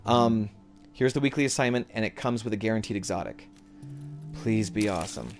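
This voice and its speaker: A man's voice: on the low side, fairly quick, faint music behind. A man streaming a video game from home, giving loose live commentary that often trails off and corrects itself. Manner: rambling, loose and self-correcting.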